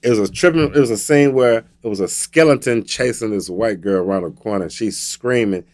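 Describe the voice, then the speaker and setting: A radio host with a Southern American accent and a lowish voice tells a casual, comedic story at a brisk clip. He's animated throughout, acting out the scenes as he narrates.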